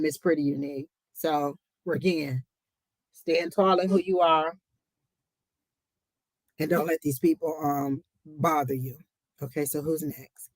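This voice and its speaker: A woman's voice: deep voice, no echo. A woman hosting a live psychic reading stream, speaking emphatically, repeating phrases for effect and breaking into chatty asides to her viewers. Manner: chatty asides, exclaims to the Lord. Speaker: psychic reader and livestream host.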